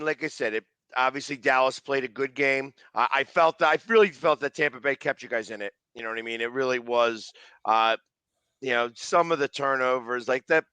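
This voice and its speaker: A man's voice: mid-range voice, bright, forceful tone, clear, resonant tone, no room sound. A man on a casual sports podcast who stammers at the start of his sentences and hedges his opinions.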